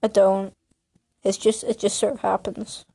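A woman's voice: medium pitch, level tone, a little slow, creaky, dark tone, slightly rough. Hyper, rambling young woman. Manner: hyper and scattered, many fillers and restarts. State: out of breath. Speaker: vlogger. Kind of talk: rambling casual monologue. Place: bedroom, sitting on a creaky bed. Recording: noisy home recording.

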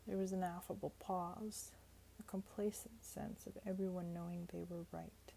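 Gravelly-voiced woman reading a novel. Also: on the low side, flat delivery, normal speed, mellow, a little hiss or hum, low-quality recording. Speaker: narrator. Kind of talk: audiobook narration.

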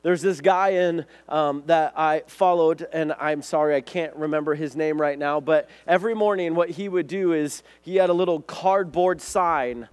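A man with a high voice preaches to a group of listeners in a relaxed, talkative way. He keeps checking in with quick questions, repeats himself as he goes, and sounds like a friendly youth pastor. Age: adult, has a son. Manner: lively, chatty, repeats words and asks "right?", "okay?". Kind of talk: casual sermon to a group.

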